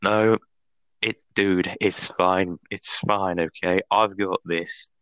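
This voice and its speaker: A man's voice: sits low, fairly even intonation, takes it slowly, a bit bright, clean tone, no echo. A man doing a cocky talking sausage dog. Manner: laid-back, reassuring, slangy.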